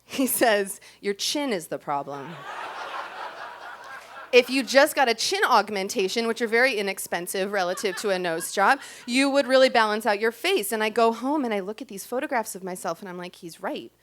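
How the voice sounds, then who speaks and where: A woman's voice: fairly high pitch, a little fast, a bit bright, a little hiss or hum. A woman telling a personal story on a club stage into a stage microphone, chatty and self-deprecating, with frequent ums and likes. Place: stage of a small club before a live audience.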